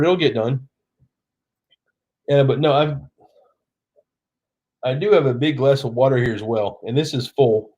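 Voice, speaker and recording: A man's voice: medium pitch, darkish tone, highs cut off. A middle-aged man from Oklahoma with a Southern accent, a bit tipsy, hosting a casual late-night live stream from home and reading viewer comments aloud. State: tipsy from drinking.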